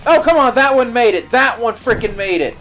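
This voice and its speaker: Playing a video game on a let's play, a man with a very high voice chats casually with friends, grumbling and swearing mildly at the game in exasperation. He talks animatedly and a little fast against a noisy background with game music.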